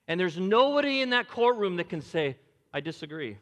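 An older man preaching a sermon as pastor, swinging between loud urgent lines and hushed, near-whispered quotes. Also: sits high, very animated, moderate pace. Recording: long hall reverb.

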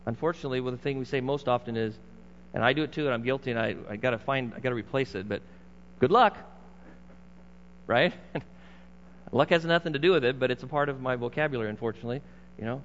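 A man's voice: mid-range voice, rapid-fire, a little hiss or hum. A middle-aged male pastor delivering a conversational, emphatic sermon with asides to the congregation. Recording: muffled sound in a large reverberant hall.

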